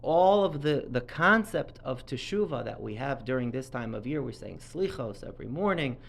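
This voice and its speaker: A man's voice: mid-range voice, animated, normal speed, creaky. A man giving a sermon-style Torah talk at a synagogue event, telling the story emphatically and acting out the quotes with rising intensity.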